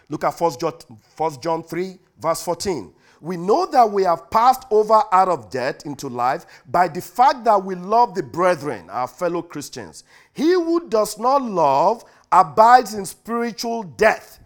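A male preacher delivering a sermon, swinging from loud declarations to hushed asides. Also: high voice, sing-song, a little slow.

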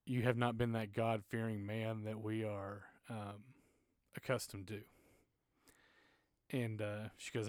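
A man's voice: fairly low pitch, little pitch movement, slow pace, no echo, studio quality. A man in his thirties, a church music minister, telling personal stories in a casual podcast chat, earnest and at times emotional.

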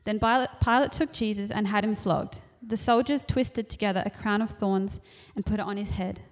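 A woman reads a scripture passage aloud at a steady, measured pace. Her voice sits in an ordinary middle pitch. The delivery is plain and even. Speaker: scripture reader.

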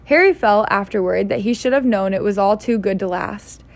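A woman reading a novel aloud in an easygoing, unpolished way. She trips over words now and then and goes back to fix them, keeping it relaxed. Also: mid-range voice, normal speed, creaky. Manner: stumbles and laughs at her slips. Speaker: reader.

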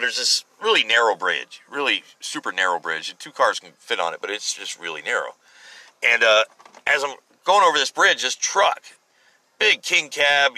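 Sharp-voiced man telling a rambling story. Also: mid-range voice, dry recording, low-quality recording. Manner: rambling, repeats and restarts, emphatic. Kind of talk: casual spoken storytelling.

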